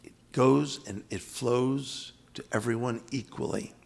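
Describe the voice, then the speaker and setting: A medium-pitched, darkish man's voice with vocal fry, unhurried in delivery. The speaker, an older spiritual teacher from America's East Coast, gives an emphatic, dramatic talk on scripture, repeating key phrases for weight.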